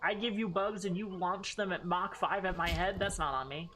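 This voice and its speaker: A woman's voice: fairly low pitch, steady tone, moderate pace, background noise. A woman streaming a game, chatting casually with a playful, sarcastic manner and loose swearing. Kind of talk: casual gaming stream chat.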